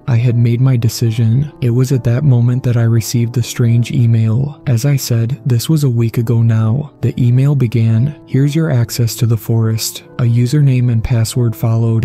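A man narrates a scripted first-person horror tale at a steady, measured pace. His voice is deeply dark and mellow, sitting in an ordinary middle pitch. Faint music plays softly beneath him.

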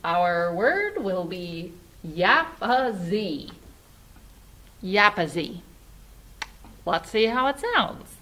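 A woman's voice: mid-range voice, very animated, very slow, pauses often, sharp tone, slight background noise. A woman music teacher giving a children's lesson online in a patient, sing-song teacherly way.

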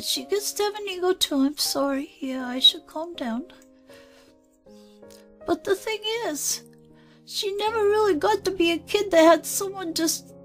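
A woman's voice: very high voice, fairly bright tone, exaggerated voice. A woman speaking as her inner child, an earnest, anxious five-year-old girl who rambles and apologizes. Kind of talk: spoken channeling session.

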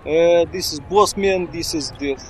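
A man commentating casually on his gameplay in broken English, bursting into excited shouts. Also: fairly high pitch, measured pace. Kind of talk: casual let's-play commentary.

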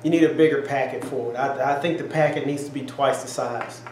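A man co-hosts a home taste test for a cooking channel, speaking fairly quickly in a steady, darkish, medium-pitched voice. He chats folksily and exclaims, and the echoey kitchen has faint ambience plus slight background noise.

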